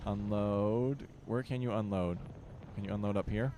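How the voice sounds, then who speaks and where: A man's voice: on the low side, fairly even intonation, moderate pace, mellow, slight background noise. A young man giving casual commentary while playing a strategy game, barking orders at his units and grumbling with joking exasperation. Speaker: gaming channel host.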